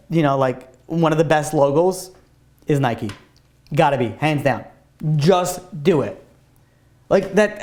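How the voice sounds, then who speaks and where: A man giving an informal Torah class as a rabbi, talking emphatically and repeating his point, with a loose, casual way of speaking full of "like.". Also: a little high. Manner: emphatic, repetitive, casual with many "like" fillers.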